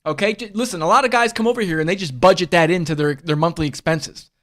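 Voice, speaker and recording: Man, high-pitched voice, livestream host, casual rambling chat, blunt and profane. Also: fast talker, a bit bright.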